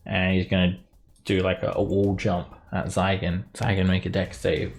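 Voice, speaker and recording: Gravelly, lower-voiced man running a game. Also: monotone, measured pace, a little hiss or hum. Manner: laughs often while narrating, many fillers. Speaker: game master. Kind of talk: narrating a tabletop game.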